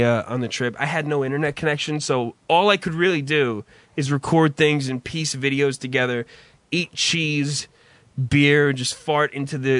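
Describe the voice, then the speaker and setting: A man's voice: medium pitch, fairly bright tone, no echo. A young man hosting a podcast in casual chat, swearing and laughing often. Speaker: podcast host.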